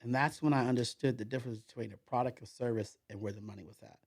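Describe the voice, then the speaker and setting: A man sits as a guest on a casual podcast and tells a long personal story. His voice is gravelly, and his pitch sits in an ordinary middle range. He rambles, repeating fillers and restarting his sentences as he goes. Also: fast, a little mellow.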